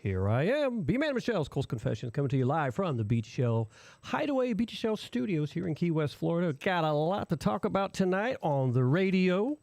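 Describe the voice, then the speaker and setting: A man's voice: fairly high pitch, sing-song, brisk, gravelly, darkish tone, dry recording. A man hosting a casual live radio show from a small studio, rambling and chatty with lots of fillers.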